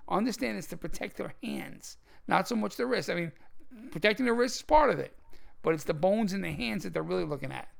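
Male podcast co-host, high and very gravelly voice, emphatic and instructive, casual chat. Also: animated, brisk. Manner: emphatic, repeats words, instructive. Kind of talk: casual martial arts chat.

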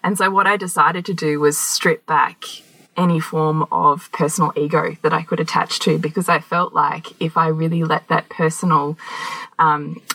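Husky low-voiced woman telling a candid story. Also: normal speed, dry recording, low-quality recording. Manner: candid, animated storytelling with laughter and swearing. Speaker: podcast co-host. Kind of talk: casual conversation.

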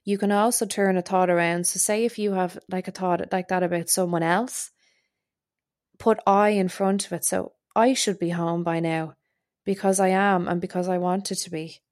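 A woman's voice: on the low side, steady tone, normal speed, a little mellow, dry recording, clean studio sound. Chatty woman hosting a self-help podcast. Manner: chatty, explaining step by step with many fillers. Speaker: podcast host. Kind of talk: casual self-help talk.

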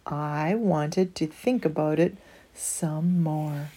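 In a low, husky voice and at a slow pace, a woman reads a children's picture book aloud, telling the story with lots of expression.

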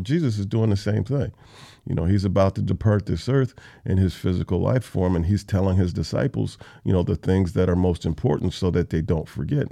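A man's voice: deep voice, gravelly, dark tone. A man hosting a Bible study podcast, teaching in a casual, conversational way on a close mic. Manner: conversational, with fillers and restarts.

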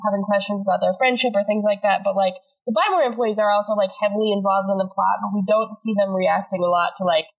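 A woman's voice: mid-range voice, fairly even intonation, quick pace, hardly any pauses, poor audio. A woman co-hosting a podcast, recapping an episode in casual chat with a sick, stuffy voice, rambling with many filler words. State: sick, congested voice. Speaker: podcast co-host.

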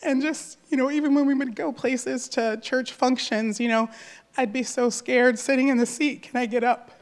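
This is a high-voiced woman in her thirties testifying before her church. Her intonation stays fairly even at a normal speed, while her words come from the heart, emotional and earnest and sprinkled with fillers.

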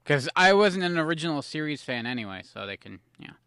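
A man's voice: fairly high pitch, big pitch swings, quick pace, pushed and bright, smooth, no echo. A man co-hosting a casual podcast, rambling and self-deprecating as he reminisces. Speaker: podcast co-host. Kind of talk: casual chat.

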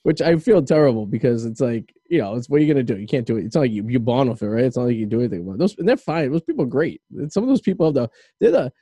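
Dark-voiced rambling male radio host. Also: mid-range voice, lively intonation, racing, few pauses, breathy edge, no room sound. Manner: rambling, loose, filler-heavy talk. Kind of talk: casual chat.

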